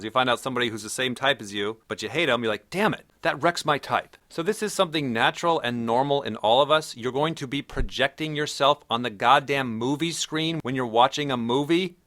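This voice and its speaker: A man's voice: mid-range voice, bright, forceful tone. A man giving a casual, blunt lecture, swearing freely and acting out the people he quotes. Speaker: personality typing instructor.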